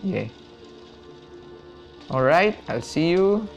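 Goofy let's-play commentator, drawn-out delivery, sudden shrieks, faint music underneath. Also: medium pitch. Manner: excitable, shrieking exclamations and goofy teasing. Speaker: gaming video creator. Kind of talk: playthrough commentary.

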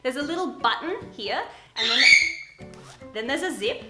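A woman's voice: high voice, expressive, unhurried, sharp tone. A young woman YouTuber in casual, bubbly try-on haul chat, often laughing. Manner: bubbly and chatty, often laughing, talks to her pet. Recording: echoey room with background music.

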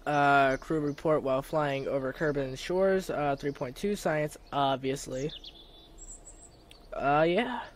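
A man giving casual, excitable commentary while playing a video game, talking to himself and bursting into cheers, his voice cracking now and then. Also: a little high, slow, slight background noise. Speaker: gaming video creator. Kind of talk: casual let's-play commentary.

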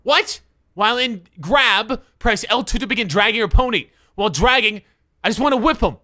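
A man streaming a video game live, panicking and shouting at the screen, then muttering the on-screen instructions to himself. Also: high voice, brisk. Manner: excitable, yelling in panic at the game; mutters instructions under his breath. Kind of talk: live gameplay commentary. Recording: game music behind the voice. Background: game music.

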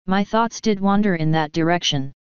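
A woman voicing a calm, regal female pony princess who speaks formally, in a storybook reading. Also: lowish voice, clear, resonant tone, no echo, close to an everyday voice. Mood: thoughtful. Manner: formal, measured speech. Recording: dull lo-fi dry recording.

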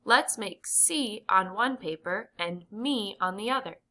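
A woman voicing a gentle, helpful girl in a storybook, soft and thoughtful. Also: medium pitch, a little slow.

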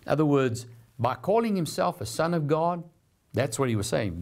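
A man's voice: fairly high pitch, animated, moderate pace, gravelly, darkish tone. A man hosting a televised Bible teaching program, preaching in an earnest, encouraging, conversational way.

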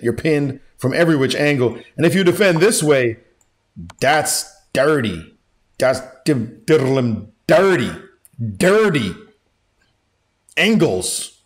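A chess grandmaster giving an animated chess lesson, excitable and slangy, with frequent exclamations. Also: male voice, mid-range voice.

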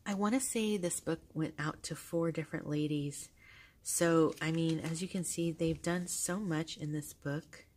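Woman vlogger, low voice, gushing casual chat, soft-spoken. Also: fairly even intonation, unhurried, a little hiss or hum. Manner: gushing, soft-spoken, with frequent fillers and laughs. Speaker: vlogger showing a journal. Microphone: handheld camera held close.

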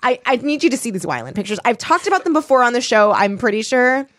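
A woman co-hosting a comedy book podcast, rambling through a story and acting out characters in a casual, animated way. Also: a little high, quick pace, no room sound, studio quality. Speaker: podcast co-host.

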